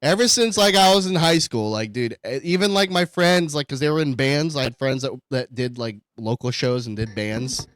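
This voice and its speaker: A man co-hosting a podcast in casual banter, animated, laughing often and swearing a lot. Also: medium pitch, normal speed, few pauses, no room sound. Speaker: podcast co-host.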